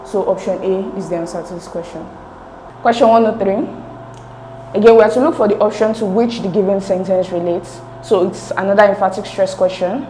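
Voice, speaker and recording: Methodical woman tutor, mellow voice. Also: medium pitch, fairly quick, reverberant, a little hiss or hum, poor audio. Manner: methodical, repeats key points. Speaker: exam prep tutor. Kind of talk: explaining exam questions.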